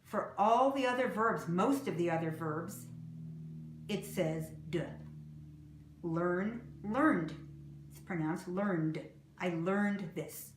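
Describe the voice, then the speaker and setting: A woman teaching English pronunciation, saying example words slowly and clearly and repeating them. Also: on the low side, echoey room, slight background noise. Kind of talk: slow, deliberate pronunciation lesson.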